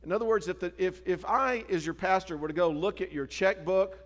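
Pastor preaching in a reverberant church. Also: male voice, high-pitched, brisk. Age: middle-aged. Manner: conversational preaching with frequent restarts. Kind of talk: sermon. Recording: long hall reverb.

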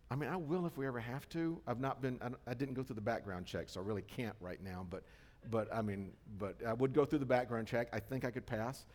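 Fields: chatty male pastor in a reverberant hall. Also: mid-range voice. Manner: conversational, self-deprecating, checks in with "all right?". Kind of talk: sermon. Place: church sanctuary. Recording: long church hall reverb.

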